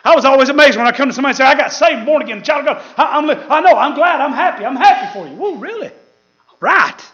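A man preaching a fiery sermon, with shouted peaks and laughter. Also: very high voice, expressive, quick pace, lo-fi sound.

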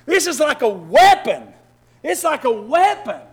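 A man preaching a sermon in church, swinging from loud shouting to soft low asides, with many repeats and restarts. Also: sing-song, measured pace. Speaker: pastor. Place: church hall with congregation.

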